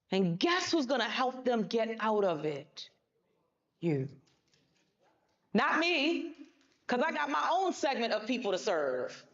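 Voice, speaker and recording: A woman's voice: sits high, dull audio. A woman giving a motivational speech on a conference stage, emphatic and colloquial, talking straight to the audience. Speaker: motivational speaker.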